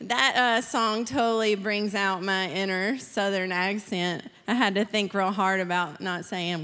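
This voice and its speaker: Bubbly bright-voiced woman host in a hall. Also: mid-range voice, steady tone, a little slow, few pauses, smooth. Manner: bubbly, casual, enthusiastic. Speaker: church host giving announcements. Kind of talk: upbeat welcome and announcements. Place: church auditorium. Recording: long reverb of a large hall.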